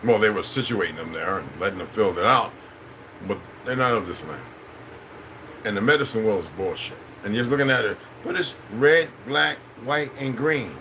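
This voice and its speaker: Man, middle-aged, bright forceful tone, preachy, swears a lot, rambling talk. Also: on the low side, moderate pace, a little hiss or hum, low-quality recording. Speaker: channel host. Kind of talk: unscripted monologue.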